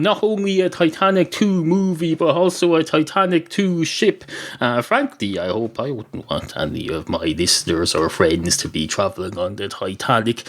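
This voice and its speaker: An Irish man hosting a podcast, talking in a casual comic monologue that rambles and corrects itself. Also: mid-range voice. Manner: rambling, digressive, self-correcting. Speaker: podcast host.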